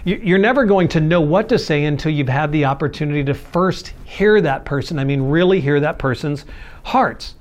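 A man preaching a sermon, earnest and conversational, with a slightly higher voice than most men. He slips into little acted-out quotes to make his points. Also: normal speed. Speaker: pastor.

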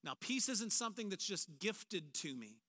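A man with a high, bright voice preaches a sermon to a large church auditorium. He talks in an animated way and slips into quoted voices. His tone stays sharp and forward. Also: normal speed. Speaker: pastor.

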